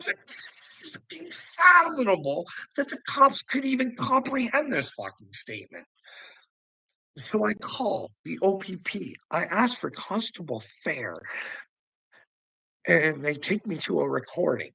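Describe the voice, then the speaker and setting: A man's voice: a little high, very animated, a little slow, vocal fry, bright, forceful tone, slightly rough, no room sound, rough recording. A man telling a heated personal story, swearing and laughing often, with stumbling restarts. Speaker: vlogger.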